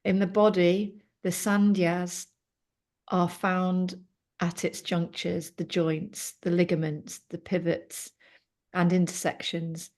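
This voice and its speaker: A woman reads a passage aloud to her yoga group at a slow, steady pace. Her voice sits a little low, and she stops to correct her slips. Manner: slow, halting reading with self-corrections. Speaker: yoga student. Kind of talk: reading aloud to a class.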